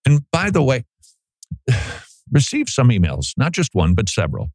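Hosting a Christian talk show, this middle-aged man gives an animated, conversational opinion monologue and occasionally mimics voices for emphasis. His medium-pitched voice swoops wildly, a little mellow, at a moderate pace, with no room sound.

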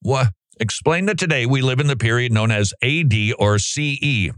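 A man's voice: mid-range voice, normal speed, a bit bright, dry recording, clean studio sound. A man reading curriculum passages aloud and breaking in with sarcastic, incredulous asides. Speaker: commentator.

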